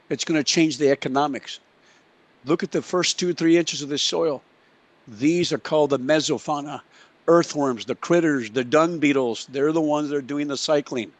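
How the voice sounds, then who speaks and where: A middle-aged man giving an animated conference presentation, emphatic and folksy, slowing down to stress his key points. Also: fairly high pitch, no echo. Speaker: soil health speaker. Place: conference session.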